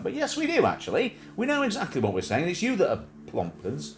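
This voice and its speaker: Guy chatting on a stream, lively voice, mocks people in funny voices, roomy sound. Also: high voice, a little fast, few pauses. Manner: jokey, mimics people in silly voices. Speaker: live stream co-host. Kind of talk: casual chat on a live stream. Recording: echoey room with crowd noise.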